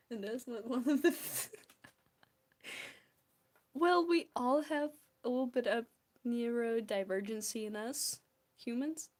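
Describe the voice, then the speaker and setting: The speaker is a young woman from Belarus who streams her art, drawing while she makes casual, giggly conversation with viewers in a Belarusian accent. Her voice is slightly high with a darkish tone.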